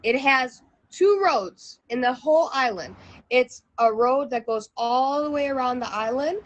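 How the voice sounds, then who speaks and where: Woman with a high voice, chatty storyteller, loose and rambling delivery. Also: lively intonation, measured pace. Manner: chatty, many fillers and restarts. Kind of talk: casual storytelling.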